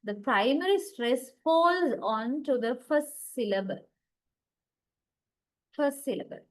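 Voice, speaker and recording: Sri lankan english lady teaching a lecture, bit high pitched, keeps saying okay and right. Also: animated, slow, poor audio. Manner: repetitive, checks in with "okay" and "right". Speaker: university lecturer. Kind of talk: recorded online lecture.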